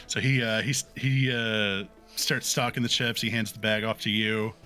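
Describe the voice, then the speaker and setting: A man narrating as game master in a tabletop game, halting with many fillers, his voice a bit sore. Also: lowish voice, pushed and bright.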